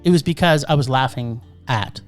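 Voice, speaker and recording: Over soft background music, a podcast co-host rants sarcastically about a movie in casual chat. The voice sits at medium pitch and moves at a moderate pace, and the critique comes across animated and biting.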